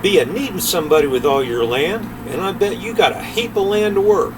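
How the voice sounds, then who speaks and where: A man's voice: high voice, brisk, pitched above the performer's own voice, close to an everyday voice. A man voicing a young male farm boy, lazy but eager, with drawling backwoods speech. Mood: easygoing. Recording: distant mic, faint air-conditioner hum.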